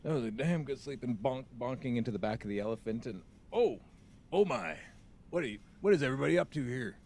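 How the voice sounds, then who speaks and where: A man's voice: medium pitch, expressive, fast talker, vocal fry, darkish tone. A man voicing a drowsy character who has just woken up, talking in a groggy mumble.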